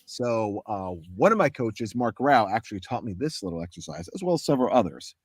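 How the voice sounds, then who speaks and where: A man, a voice actor, chatting casually and animatedly about his craft and demonstrating warm-ups, his voice a little sore. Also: fairly low pitch, sing-song, a little fast, slightly rough, no room sound, studio quality. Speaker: voice actor guest. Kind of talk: casual chat explaining voice acting.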